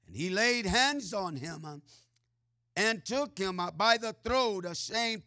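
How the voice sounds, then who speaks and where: A man's voice: sits high, expressive, slow pace, pushed and bright, no room sound, clean studio sound. A man preaching a sermon, reading scripture with sing-song swells and dropping "uh" and "amen" between phrases. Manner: frequent filler "uh" and "amen" asides.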